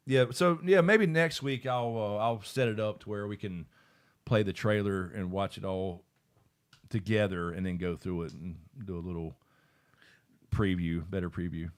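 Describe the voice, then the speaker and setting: A man, talking in a relaxed, rambling way to his live stream audience. His voice sits fairly low, and he drifts from one thought to the next as he reads out comments from chat. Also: moderate pace, clear, resonant tone. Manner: laid-back, rambling, reads chat aloud.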